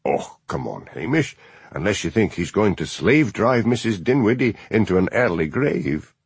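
A man's voice: lowish voice, sing-song, normal speed, breathy edge, no echo, full character voice. A man voicing a big, jokey police constable with a teasing manner.

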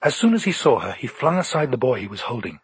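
A man narrating an audiobook in a calm, measured storytelling manner. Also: mid-range voice, husky, dry recording.

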